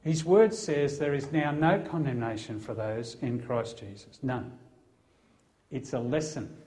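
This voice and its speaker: Speaking a little slowly, this middle-aged Australian police officer and Christian shares an emphatic testimony as a preacher. The voice sits at medium pitch with a mellow quality, and the storytelling stays earnest and forceful.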